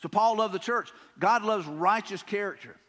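In a church sanctuary full of long, ringing reverb, a Southern-drawling pastor delivers a conversational, folksy sermon, repeating himself and loosely paraphrasing scripture. His voice sits high for a man, with a sharp tone and a moderate pace.

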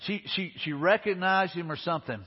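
A man preaches in a husky, somewhat high voice, earnest and conversational, often repeating his key lines. His sermon is recorded in a large hall with long reverb. The sound is muffled and lo-fi. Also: fairly quick. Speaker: pastor. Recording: dull, echoey hall recording.

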